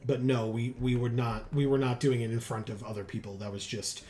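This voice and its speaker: A man's voice: mid-range voice, little pitch movement, brisk, darkish tone. A man co-hosting a game livestream, chatting casually and rambling with lots of fillers and restarts. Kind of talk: casual chat while playing.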